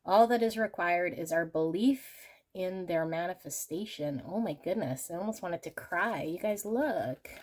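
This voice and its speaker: A woman's voice: on the low side, moderate pace, hardly any pauses, a little mellow. A woman hosting a pick-a-card tarot reading, talking in a gushing, exclamatory way as she turns the cards. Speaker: tarot reader.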